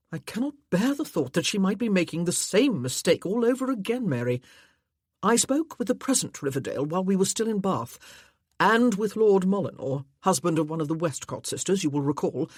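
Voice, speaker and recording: A woman reads a middle-aged clergyman from a period novel. He speaks gravely and reproaches himself. The voice is slightly husky and sits in a dry, close space. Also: mid-range voice, a little mellow, no room sound, pitched above the performer's own voice. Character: earnest middle-aged clergyman, troubled brother.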